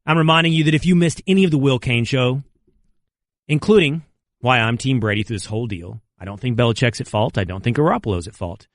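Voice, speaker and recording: A man hosting a sports talk radio show in a studio, ranting in mock outrage with loud exclamations. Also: medium pitch, fast talker, no echo. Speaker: radio host. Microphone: close studio mic.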